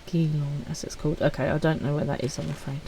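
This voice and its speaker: A woman's voice: low voice, little pitch movement, quick pace, warm tone, slight background noise, rough recording. A woman streaming live, chatting casually and with self-deprecating humor as she reads out messages from viewers. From United Kingdom.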